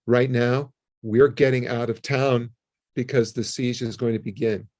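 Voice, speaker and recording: An older man, a guest in an interview, telling a story in a casual, animated way and acting out the phone calls in it. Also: mid-range voice. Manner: animated, acts out his own and others' phone calls.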